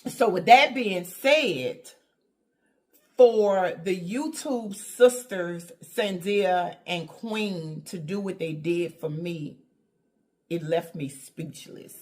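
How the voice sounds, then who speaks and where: A woman vlogging about her home decorating channel, telling a story with laughs and excited squeals, going soft and slow when she is touched. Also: mid-range voice. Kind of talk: casual vlog talk.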